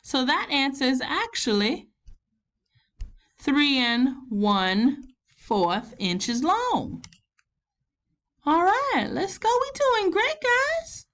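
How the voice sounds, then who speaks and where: A woman's voice: high voice, very animated, extremely slow, pauses often, fairly bright tone, heavily acted. A woman with a Southern US accent, playing a chatty grandmother who fills in as teacher, talking students through a math lesson step by step. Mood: patient. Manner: folksy, encouraging, talks students through each step.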